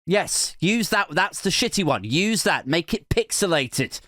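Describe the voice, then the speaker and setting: A man voicing a scheming male scam boss who is barking orders in a mocking, high-pitched voice. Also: big pitch swings, measured pace, sharp tone, no echo, studio quality, exaggerated voice.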